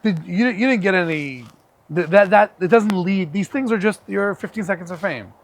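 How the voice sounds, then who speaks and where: A man hosting a casual interview podcast, asking his brother quick follow-up questions. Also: sits high. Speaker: podcast host.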